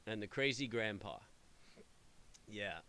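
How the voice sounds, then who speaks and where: A middle-aged man chatting casually with viewers, telling rambling, animated stories full of fillers. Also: lowish voice, slow, smooth. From New York area. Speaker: trading channel host. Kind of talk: casual chat answering live viewers.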